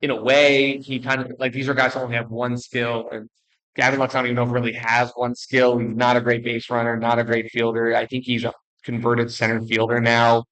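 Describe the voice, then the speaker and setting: A young man ranking baseball players in casual commentary, blunt and joking, rambling with restarts and quick apologies. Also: mid-range voice, monotone, a bit bright, poor audio. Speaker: baseball video creator.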